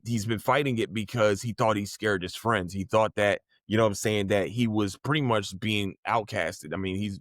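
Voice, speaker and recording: A man's voice: on the low side, no room sound, clean studio sound. A man hosting a casual solo podcast, talking in a rambling, profane and enthusiastic way. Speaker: podcast host.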